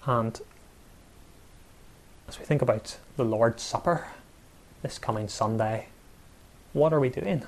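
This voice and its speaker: Slow, emphatic male preacher. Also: mid-range voice. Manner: measured, emphatic preaching with pauses and repetition. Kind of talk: sermon.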